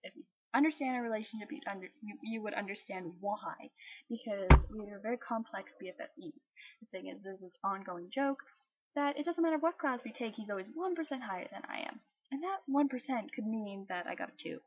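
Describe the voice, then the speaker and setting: A woman's voice: medium pitch, slightly rough, dry recording. A young woman telling a story in a casual vlog, bubbly and acting out the voices of other people. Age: young adult. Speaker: vlogger. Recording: dull lo-fi webcam audio.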